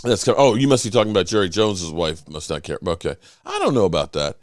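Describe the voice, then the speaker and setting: A man hosting a sports podcast in casual talk, emphatic and animated, often restarting his sentences. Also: low voice, fast talker, dry recording, clean studio sound.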